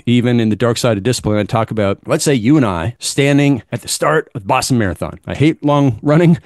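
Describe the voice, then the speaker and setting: A man's voice: mid-range voice, darkish tone, no room sound. Male business coach, punchy motivational delivery, dry close sound. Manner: emphatic and blunt, with dismissive asides.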